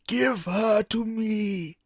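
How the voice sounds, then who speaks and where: A man voicing an ancient, frail male vampire count who speaks slowly and gloats. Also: high voice, slight background noise, pitched above the performer's own voice, exaggerated voice. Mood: gloating. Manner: slow, drawn-out, crowing.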